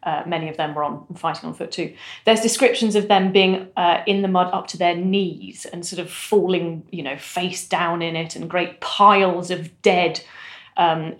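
A woman discussing history in a casual, animated way, with occasional fillers. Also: lowish voice. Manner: animated, articulate, frequent fillers. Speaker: historian guest. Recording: roomy echo.

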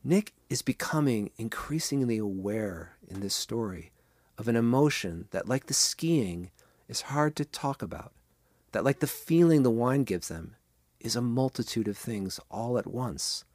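A man hosting a podcast, reading short-story passages and analyzing them in a measured way. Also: mid-range voice, animated, darkish tone, no room sound. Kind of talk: literary reading and commentary.

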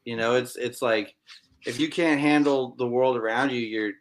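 A man's voice: mid-range voice, steady tone. Opinionated musician man in casual chat. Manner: opinionated, halting with restarts. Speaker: musician guest.

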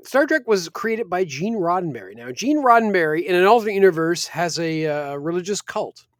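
A man's voice: high voice, sing-song, brisk, no echo, studio quality. A man co-hosting a casual podcast chat, enthusiastic and teasing. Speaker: podcast co-host.

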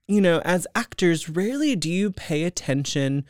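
Young male podcast host, smooth clear voice, dry close sound, playful and chatty. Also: a little high, expressive, moderate pace, darkish tone, no room sound. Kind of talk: casual chat.

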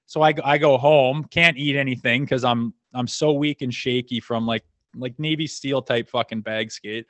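A man, a former hockey enforcer, telling profane, animated stories on a podcast, acting out what others said. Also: mid-range voice, normal speed, dry recording. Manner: profane, animated anecdotes acting out quoted dialogue. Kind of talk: casual storytelling chat.

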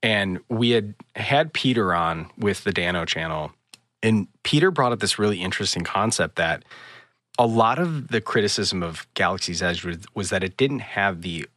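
A man on a casual podcast, telling a story with real energy. His voice sits a little low, and he jumps up high when he mimics other people. The recording is close and dry. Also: animated, moderate pace, a bit bright, no room sound. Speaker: podcast host. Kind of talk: casual chat.

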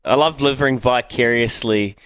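A man's voice: medium pitch, normal speed, a bit bright, dry recording. A man hosting a morning radio show, upbeat as he runs through the lineup. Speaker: host.

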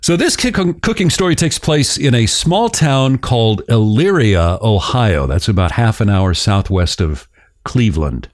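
A man's voice: lowish voice, very animated, unhurried. A man hosting a podcast, telling a story in a casual, joking way. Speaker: podcast host.

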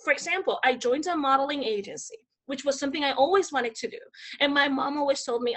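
A woman from the Dominican Republic, a Spanish speaker, telling her personal story as an interview guest with lively acted-out quotes and many fillers. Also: high voice, fast talker. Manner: animated, acts out quoted voices, many fillers.

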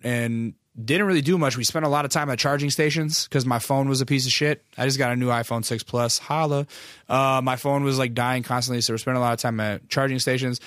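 A man's voice: medium pitch, fairly bright tone, no room sound, clean studio sound. A man telling a long story in casual, rambling speech, full of profanity and self-deprecating asides.

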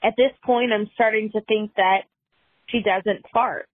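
A woman's voice: medium pitch, steady tone, unhurried, no echo. A woman leaving an earnest, matter-of-fact voice message for a podcast host. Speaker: caller. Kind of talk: recorded voice message. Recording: tinny phone-line voicemail.

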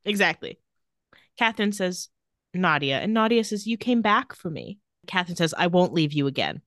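A woman's voice: lowish voice, sing-song, normal speed, fairly bright tone, dry recording. A woman co-hosting a podcast, casually recapping TV scenes with quoted lines and dry asides. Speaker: podcast co-host recapping a TV episode. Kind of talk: casual chat.

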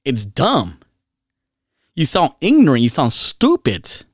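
A man's voice: mid-range voice, huge pitch swings, takes it slowly, no echo, clean studio sound. A man ranting casually and heatedly, repeating himself, swearing and using slang. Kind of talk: casual rant.

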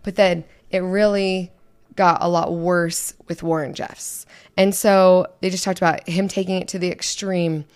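A woman co-hosting a podcast in casual chat, talking quietly while losing her voice. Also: on the low side, flat delivery, a little slow, clean tone. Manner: quiet, conversational, filler-heavy. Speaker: podcast co-host.

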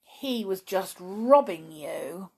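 A woman's voice: medium pitch, animated, slow, a little mellow, breathy edge. A woman voicing the head brownie, a grown man who speaks firmly and sternly. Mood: reassuring. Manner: firm, scolding. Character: head brownie man, fierce then cheerful.

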